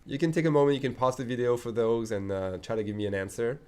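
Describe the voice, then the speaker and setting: A man's voice: medium pitch, steady tone, fast talker, a little mellow, clear, resonant tone. A man teaching an online language lesson, chatty and full of asides, often checking in with his students. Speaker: French teacher.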